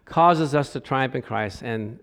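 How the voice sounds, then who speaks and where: A middle-aged man preaching a sermon with animated delivery, his voice climbing and getting louder as he reads scripture, with joking asides along the way. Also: medium pitch, unhurried. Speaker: pastor.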